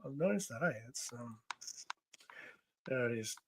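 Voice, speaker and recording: A man's voice: medium pitch, lively intonation, unhurried, gravelly, husky. A man hosting a casual live comic read-along, chatty and full of fillers. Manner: chatty, hesitant with many fillers. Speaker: host.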